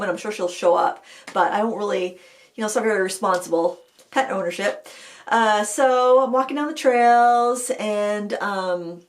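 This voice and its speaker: A woman hosts a casual live chat on an art channel, speaking at a normal pace in a mid-range voice. Her stories ramble, packed with fillers and restarts.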